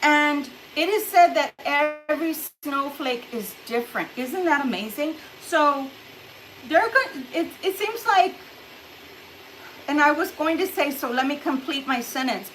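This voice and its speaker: A woman's voice: high voice, lively intonation, unhurried, fairly bright tone, a little hiss or hum. A middle-aged woman giving a casual tarot reading to camera. She is chatty, laughs often and acts out little reactions, a little distant from the camera at home. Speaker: tarot reader.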